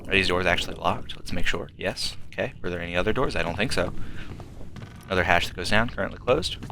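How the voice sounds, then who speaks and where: Over a noisy background, a deep-voiced man speaks fast as he plays a game and reasons through clues one at a time in casual spoken commentary. He's a let's play host using a desktop streaming microphone with filters.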